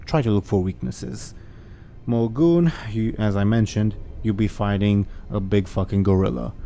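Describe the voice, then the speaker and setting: A man's voice: fairly low pitch, moderate pace, gravelly, mellow. Man putting on a brusque woman jailer. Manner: curt, exasperated orders.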